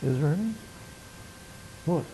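A man delivers a sermon in a fairly high voice. He swings from loud, emphatic declaiming down to quiet asides, and slows way down to stress each scripture quote. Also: lively intonation, noisy background. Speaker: preacher.

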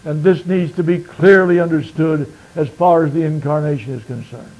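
Male preacher, sermon, fairly high voice, loud then hushed, slow stressed scripture quotes. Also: fairly even intonation, dull audio. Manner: swings from loud emphatic declaiming to quiet murmured asides.

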